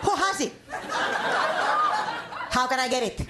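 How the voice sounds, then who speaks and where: A pompous female news anchor, put on by a woman comedian lays out each headline in a slow, grandiose announcer cadence. The voice sits fairly high. There is clear background noise from a live stage recording. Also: animated. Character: pompous woman hosting a late-night TV news show.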